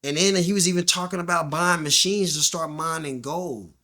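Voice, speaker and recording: A man's voice: fairly high pitch, moderate pace, sharp tone. A man guest telling his story in slang, acting out the voices in quoted dialogue and dropping to a near-whisper at tense moments. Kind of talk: candid storytelling interview.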